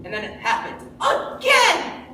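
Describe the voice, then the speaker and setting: A woman's voice: very high-pitched, huge pitch swings, unhurried, music in the background, heavily acted. Girl doing a sick sneezy wolf guy in a school musical, sing-songy, far off in a big echoey hall. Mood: theatrical, singing. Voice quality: sing-song, theatrical delivery. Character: sneezing, sheepish male wolf on trial. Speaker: stage actor in a school musical. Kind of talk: live stage musical, sung and spoken. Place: school stage in a large hall. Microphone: distant room mic.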